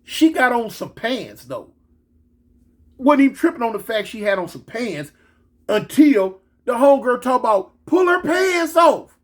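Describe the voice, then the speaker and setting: A man telling a story in a casual, slangy, animated way. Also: extremely high pitch, normal speed. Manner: animated, slangy, switches into excited quoted voices.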